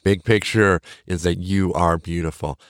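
A man's voice: low-pitched, steady tone, normal speed, clear, resonant tone, no room sound, clean studio sound. A middle-aged man hosting a podcast, giving earnest, encouraging motivational talk that circles back to its key phrases. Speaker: podcast host.

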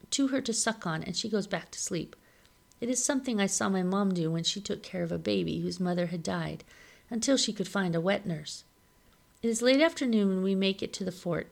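Low, gravelly-voiced woman reading aloud. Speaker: reader of a novel.

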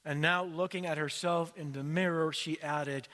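A male pastor delivering a sermon in slow, measured storytelling, in a church. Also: fairly high pitch, fairly even intonation, bright, forceful tone, big-room sound.

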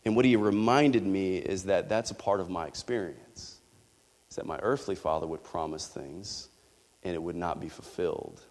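A man's voice: deep voice, normal speed, darkish tone, in a large hall. A man preaching a sermon, telling a candid personal story with rising passion.

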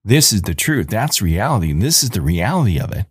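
A podcast host in his forties rants angrily in a low, slightly rough voice, talking a little fast with big swings in pitch. He's emphatic and hammers his arguments by saying them again and again. The close, dry recording has no echo.

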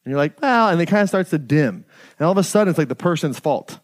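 A man's voice: on the high side, animated, quick pace, no echo, studio quality. Casual, profane man leading a workshop. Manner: casual, profane, asks the audience "right?" and "who follows?". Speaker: workshop leader. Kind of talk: live workshop talk. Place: live workshop venue.

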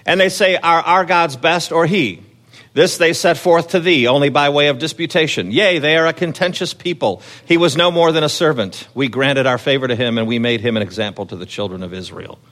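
A man's voice: fairly high pitch, fairly quick, a bit bright. A man preaching a sermon in a conversational way, asking the congregation questions and rising with energy when he quotes scripture. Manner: frequent fillers and restarts, asks the congregation questions. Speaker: pastor.

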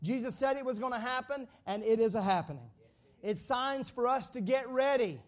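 A pastor preaching a sermon, joking with the congregation and calling out for them to repeat his words. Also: very high-pitched. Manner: lively, joking with the congregation, calls for responses.

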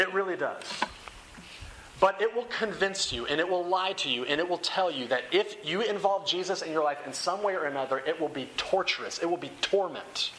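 A man's voice: a little high, noisy background. A young man preaching a sermon to a seated crowd, in an earnest, conversational way that repeats and restates phrases. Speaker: campus ministry speaker. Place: room with rows of chairs.

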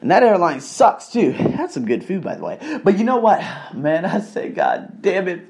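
A man telling stories on his solo podcast, animated, ranting and swearing freely. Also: high-pitched, moderate pace, gravelly, noisy background. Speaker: podcast host. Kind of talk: casual solo storytelling.

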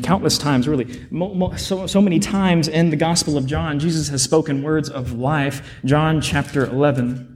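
A man's voice: fairly high pitch, normal speed, a little mellow, big-room sound. A minister delivering a sermon-style Bible lesson in a slightly raised voice. He reads scripture passages aloud with building emphasis, circling back and repeating key phrases so they land with the listeners. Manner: earnest, repeats phrases to stress them.

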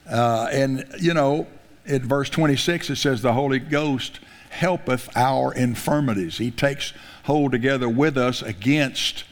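A male pastor giving a sermon, reading scripture aloud slowly with emphasis and breaking into asides with small stumbles. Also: medium pitch. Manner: reads scripture aloud slowly with emphasis, chuckles, restarts words. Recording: long reverb in a large hall.

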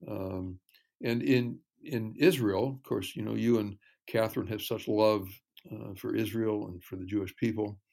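A man talking as a ministry guest in an interview, earnest and measured, telling stories. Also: lowish voice, fairly even intonation, gravelly, darkish tone. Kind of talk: casual interview chat.

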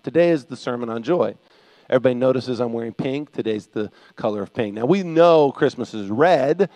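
An older man preaching a sermon as pastor. He talks in an animated way and acts out biblical voices, swinging from soft to loud. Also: medium pitch, dry recording.

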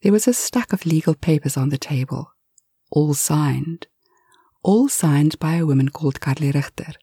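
A woman narrating a bedtime story for adults in a soft, half-whispered delivery. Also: low voice, normal speed, slightly rough, no echo, clean studio sound.

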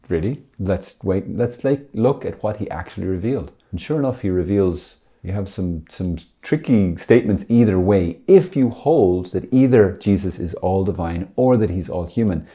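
A man's voice: on the low side, animated, unhurried, warm tone. A male priest from Ireland giving a casual, jokey teaching talk, chatty and self-deprecating.

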